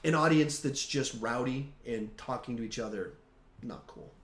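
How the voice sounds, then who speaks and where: A man in his thirties hosting a casual live-stream chat, animated, with trailing restarts and fillers. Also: medium pitch, moderate pace, echoey room, slight background noise. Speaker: host.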